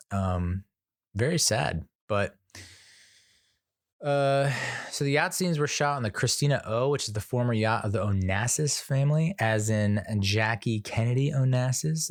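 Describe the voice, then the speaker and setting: A man's voice: lowish voice, no room sound, studio quality. A young man, casually retelling scenes from a movie and laughing at his own stumbles as a podcast host. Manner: rambling, laughs at himself, retells scenes with acted quotes. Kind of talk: casual solo review.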